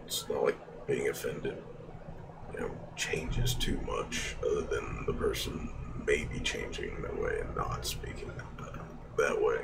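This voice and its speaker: A young man with a very deep, gravelly voice rambles through a story at a slow, unhurried pace, often laughing and restarting his sentences. He sits some distance from the mic, and steady background noise runs under his voice. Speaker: streamer. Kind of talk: casual storytelling.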